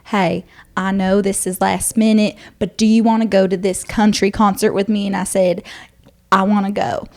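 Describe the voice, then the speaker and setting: A woman co-hosting a podcast, telling a story in casual chat, giggly and halting. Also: mid-range voice, flat delivery, darkish tone. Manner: storytelling, giggly, restarts often. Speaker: podcast co-host.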